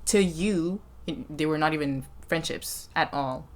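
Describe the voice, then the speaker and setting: A woman's voice: deep voice, measured pace. A woman hosting a podcast, offering reflective, faith-minded advice and often checking in with "right?". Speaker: podcast host. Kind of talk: casual conversation.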